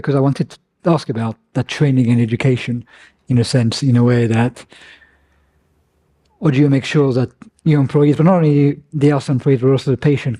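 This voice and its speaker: A man's voice: medium pitch, dark tone. A man moderating a panel while losing his voice, asking long rambling questions full of hedges. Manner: rambling, many hedges like "kind of".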